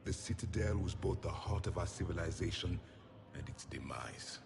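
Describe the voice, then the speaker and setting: Javik, a proud ancient alien soldier. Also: male voice, low-pitched, lively intonation. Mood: brooding. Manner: grave, measured and condescending.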